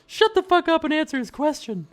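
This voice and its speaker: A man voicing a rude, petulant male nerd in a high, whiny voice, snapping insults. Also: very animated, fairly quick. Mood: angry.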